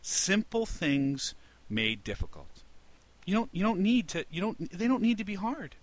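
A New York man with a matching accent co-hosts a podcast, delivering a comedic rant that grows more and more exasperated until it climbs into indignant shouts. His voice sits high with big pitch swings, a little slow, with no room sound.

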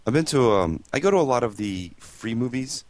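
A man's voice: mid-range voice, expressive, fairly quick, darkish tone. A man in casual podcast chat, blunt and crude in his jokes.

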